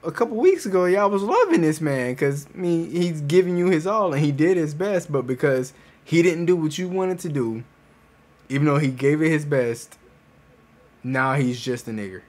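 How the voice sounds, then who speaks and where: A man co-hosting a podcast in casual chat, earnest and plain-spoken, with quick joking asides. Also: a little high, lively intonation, darkish tone.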